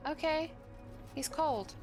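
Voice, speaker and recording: Young woman streamer, unhurried chatter over game music. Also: high-pitched. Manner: chatty, reacts aloud and greets chat. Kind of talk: live gameplay commentary.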